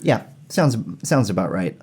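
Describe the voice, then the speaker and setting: A man's voice: fairly low pitch, sing-song, measured pace, a little mellow, breathy edge. A man playing a tabletop game who talks in a casual, easygoing way. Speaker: player.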